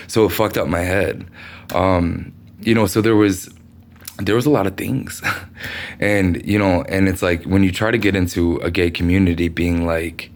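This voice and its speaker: A man's voice: deep voice, level tone, moderate pace. A man from the United States talking through a meandering personal monologue, swearing often and leaning on fillers. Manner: meandering, profane, many fillers.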